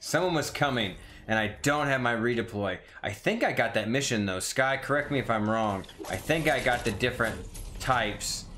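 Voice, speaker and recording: A man's voice: medium pitch, moderate pace, slight background noise. A man commentating his own gameplay casually, mocking himself and yelping when things go wrong. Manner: self-mocking, excitable yelps. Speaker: gaming streamer.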